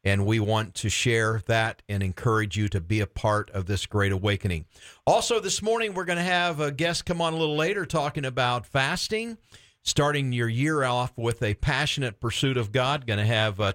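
A man's voice: mid-range voice, moderate pace, a bit bright. Upbeat middle-aged Christian radio host man. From Florida. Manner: upbeat, enthusiastic, frequent laughs and restarts.

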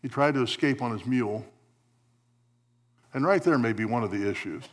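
A pastor preaches a sermon at medium pitch and a moderate pace, telling a story with wry humor and asides. As a storytelling preacher, he acts out the quoted lines of the figures in it.

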